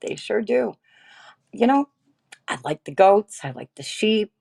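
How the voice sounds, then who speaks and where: A woman's voice: medium pitch, big pitch swings, a little slow, vocal fry, mellow, husky. A middle-aged woman hosting a casual livestream, chatting, laughing often and greeting viewers by name as she reads their comments. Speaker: livestream host.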